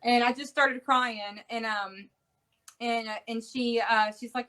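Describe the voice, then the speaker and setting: A middle-aged woman talks with earnest feeling as an interview guest, her voice sitting a little higher than most. She stops and restarts often, repeating words as she goes. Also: fairly even intonation, a little slow, bright, forceful tone, rough recording. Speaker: interview guest, bereaved mother. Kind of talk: casual interview talk.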